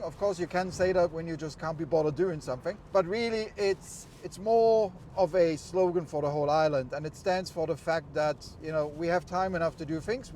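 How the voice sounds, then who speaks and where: A man's voice: on the high side, a little mellow. Upbeat German man driving. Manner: chatty, upbeat, explanatory. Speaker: vlogger. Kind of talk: casual vlog while driving. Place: open-top convertible outdoors. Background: road and vehicle noise.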